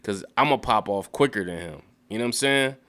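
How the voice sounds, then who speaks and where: Low-voiced man ranting through a recap. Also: fairly quick, clear, resonant tone. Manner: rambling, profane, animated storytelling with acted quotes. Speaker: YouTube show recapper. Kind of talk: casual recap rant.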